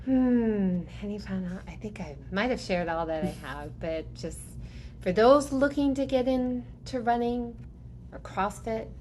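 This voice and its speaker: Lively Southern woman, chatty guest. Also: a little high, measured pace, a little hiss or hum. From Mobile, Alabama. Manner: lively, laughs often, chatty. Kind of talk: casual interview chat.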